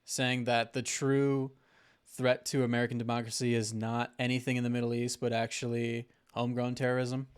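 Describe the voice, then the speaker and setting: A man's voice: mid-range voice, flat delivery, normal speed, smooth. A man co-hosting a podcast, casually talking through political theories with many fillers and laughing at his own points. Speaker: podcast co-host.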